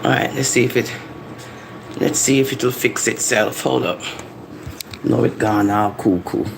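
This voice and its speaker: A live-stream host, chatting casually from home into a phone, animated and laughing as they tease and tell stories. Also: medium pitch, measured pace, gravelly, noisy background. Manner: animated, laughing, teasing rants and storytelling. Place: home living room. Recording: echoey room with faint ambience.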